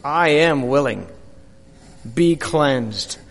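Brief: a man doing a solemn male teacher, soft and measured, in a reverberant hall. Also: fairly high pitch, expressive, creaky, voice pushed down, full character voice. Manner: slow, hushed, solemn. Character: calm, commanding male teacher, gentle.

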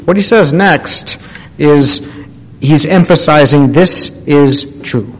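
High-voiced preacher man in a reverberant hall. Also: slow pace. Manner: emphatic, rising on key phrases, drops low at the ends of statements; addresses listeners with direct questions. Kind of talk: sermon.

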